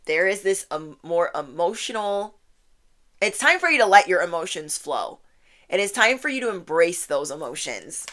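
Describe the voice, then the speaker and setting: A woman in her thirties gives a channeled tarot reading in a bright, forceful voice. She is animated and playful. She acts out her listeners' inner thoughts in quick little voices and laughs often. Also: fairly low pitch. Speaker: tarot reader.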